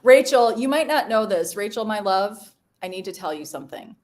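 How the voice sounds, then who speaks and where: A woman's voice: mid-range voice, animated, brisk, darkish tone. A woman co-hosting a live stream in casual chat, bubbly and teasing, laughing often. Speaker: co-host.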